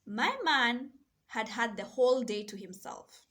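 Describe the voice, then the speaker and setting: Slow, soft-spoken woman coach. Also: on the high side, expressive. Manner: slow, soft and deliberate, with gentle laughs. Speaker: self-love and mindset coach. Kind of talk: reflective personal monologue.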